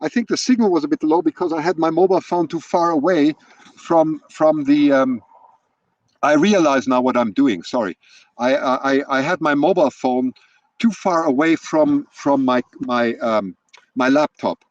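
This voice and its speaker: A man's voice: a little high, moderate pace, a little mellow, dry recording, highs cut off. A man hosting a live wildlife stream outdoors on a hilltop, chatting and thinking aloud with frequent restarts. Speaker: wildlife livestreamer. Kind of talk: live-streamed casual commentary. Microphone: external microphone at a laptop.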